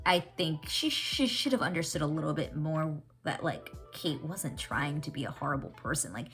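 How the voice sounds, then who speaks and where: A woman with a low voice chats through a TV episode recap, her pitch swinging widely as she gets worked up. She talks in an excitable, unfiltered way and swears freely. Faint music plays behind her. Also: moderate pace. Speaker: TV reaction vlogger. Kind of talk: casual recap and reaction chat.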